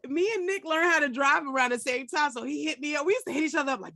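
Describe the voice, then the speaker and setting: A young woman with a New York accent, chatting as a podcast host. Her pitch swings widely as she tells stories at a quick clip, full of slang and laughter. The sound is close and dry. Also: no room sound. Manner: animated storytelling, laughs often, slangy. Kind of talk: casual interview chat.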